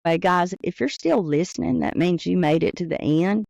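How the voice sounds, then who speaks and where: A woman's voice: on the low side, animated, moderate pace, creaky, a little mellow, no echo. A woman from the American South, a teacher, co-hosting a casual podcast chat in an easygoing, supportive way.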